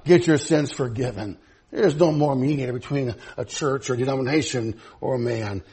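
A pastor preaching a sermon to his church, moving from low, quiet passages to loud, high, laughing emphasis. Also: a little fast, husky.

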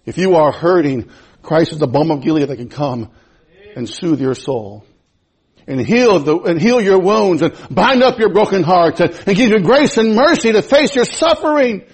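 A man preaching a sermon in a church, impassioned and repetitive, swinging from loud to hushed. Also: high voice, animated, moderate pace, slightly rough. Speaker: pastor.

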